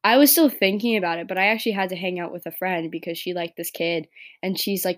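A teenage girl from New York talking through her breakup on her own podcast, rambling and filling every pause with "like" and "right?". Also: fairly low pitch. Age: teens. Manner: rambling, heavy use of "like" and "right?". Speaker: podcast host. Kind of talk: casual personal podcast monologue.

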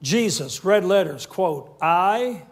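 A man's voice: on the high side, moderate pace. A man in his sixties preaching a sermon with call-and-response and humorous asides. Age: 60s. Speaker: pastor.

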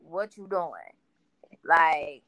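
A woman's voice: low-pitched, extremely slow, a bit bright, slight background noise. A woman in casual conversation, speaking in a matter-of-fact, teasing way. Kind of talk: casual chat.

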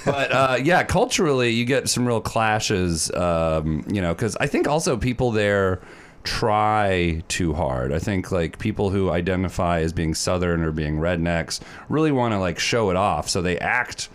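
Man, podcast host, low voice, very animated pitch, jokey casual interview. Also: unhurried. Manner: relaxed, jokey, laughs often.

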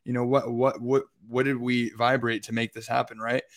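A young male podcast co-host recounting a trip in a casual, meandering way, full of filler words. His voice sits at an ordinary middle pitch. He comes across as chatty and loose rather than polished. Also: flat delivery, normal speed, fairly bright tone. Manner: rambling, heavy use of filler words. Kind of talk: casual storytelling.

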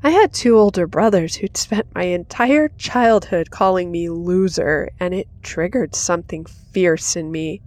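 A woman's voice: medium pitch, no echo. Woman narrating a horror story. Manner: dramatic, rising to intense in action. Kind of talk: scripted first-person horror narration. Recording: soft music under the voice.

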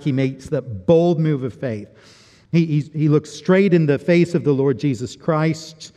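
A man's voice: mid-range voice, dark tone. A man preaching a sermon in an earnest, reflective way, often repeating words as he builds his point. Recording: long reverb of a large hall.

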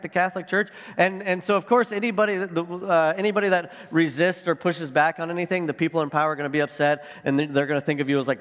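A pastor gives his sermon in a loose, conversational way, thinking out loud and padding his points with fillers. His voice sits high for a man. The sound carries a long reverb, as if from a church hall.

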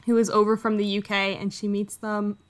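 A woman's voice: medium pitch, little pitch movement, a little fast. Chatty woman retelling a book plot. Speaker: podcast co-host. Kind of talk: casual book discussion.

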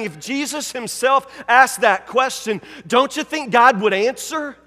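A pastor giving a sermon, preaching emphatically and repeating key phrases, dropping from loud to hushed. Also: male voice, extremely high pitch, animated, unhurried, hardly any pauses, in a large hall.

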